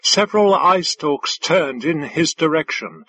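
Slow, bright-voiced male narrator. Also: fairly high pitch, husky, dry recording. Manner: measured, deliberate. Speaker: audiobook narrator. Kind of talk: scripted narration.

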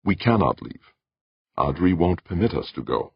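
A calm, measured male diplomat, voiced by a man, dry in tone and deep, with a husky grain. The sound is dull and dry. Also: no echo, heavily acted.

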